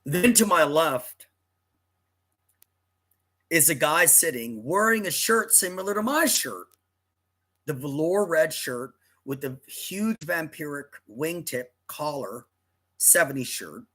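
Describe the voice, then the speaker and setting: Husky man telling a rambling story. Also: on the high side, animated, slow pace, pauses often, sharp tone. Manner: rambling, dramatic, self-correcting. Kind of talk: casual personal storytelling.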